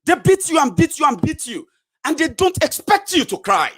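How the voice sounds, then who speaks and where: A man's voice: very high-pitched, sing-song, moderate pace, fairly bright tone. A Nigerian man giving a combative, sarcastic political rant, scolding his viewers directly. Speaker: political commentator. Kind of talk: angry solo political rant.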